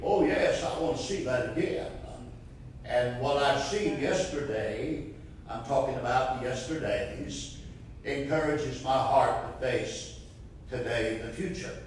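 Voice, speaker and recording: The recording, taken from far off in a church sanctuary, carries a roomy echo and a little hiss or hum. In it, a man preaches at a measured pace with medium pitch, his fervent sermon climbing to impassioned cries.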